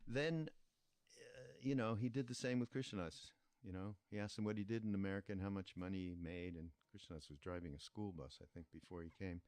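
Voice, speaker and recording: An older man hosting a podcast, telling a story in a reflective, meandering way with pauses and restarts. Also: lowish voice, steady tone, darkish tone, no room sound. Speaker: podcast host. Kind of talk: casual spoken storytelling.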